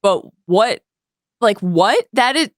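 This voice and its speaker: A woman's voice: mid-range voice, sing-song, takes it slowly, no echo. Female sports co-host, wry and upbeat, dry close-mic sound. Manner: wry and upbeat, laughs often. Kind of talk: comedic sports chat.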